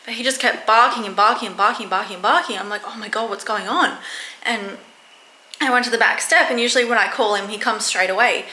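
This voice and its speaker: A young woman talking casually to camera in her vlog, chatty and self-mocking, quick to laugh. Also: a little high, bright, forceful tone. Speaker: vlogger. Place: room at home. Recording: echoey room.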